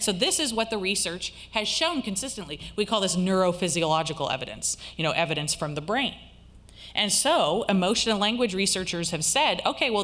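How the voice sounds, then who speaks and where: A woman's voice: mid-range voice, a bit bright. A woman college instructor giving a recorded lecture, explaining step by step and checking in with her listeners.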